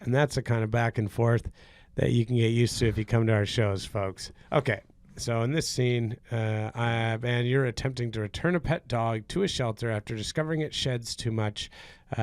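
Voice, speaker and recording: A man's voice: medium pitch, moderate pace, few pauses, clear, resonant tone. A man co-hosting a comedy podcast, playful and rambling, playing a mock showman as he introduces improv scenes.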